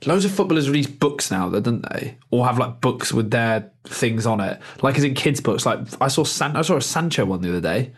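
A man's voice: medium pitch, expressive, brisk, hardly any pauses, slightly rough. Chatty, rambling man with a podcast co-host. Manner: rambling, swears freely, laughs often. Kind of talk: casual chat.

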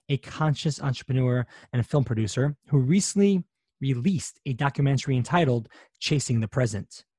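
An upbeat male podcast host who talks in a friendly, chatty way and drops plenty of ums. His pitch sits right in the middle for a man. The recording is dry and close, with no room sound. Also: darkish tone, dry recording. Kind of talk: podcast intro and interview.

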